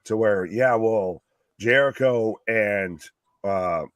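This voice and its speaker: A man with a fairly low voice, co-hosting a wrestling watch-along stream in loose, joking chat. His jabs come out sarcastic, and the sound is close and dry with no room around it. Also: slow, fairly bright tone, dry recording. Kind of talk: casual chat.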